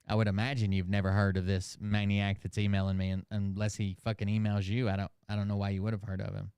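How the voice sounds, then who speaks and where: A man's voice: on the low side, monotone, fast talker, darkish tone, smooth, no room sound. A man hosting a casual commentary show, reading emails aloud with sarcasm and swearing. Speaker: host.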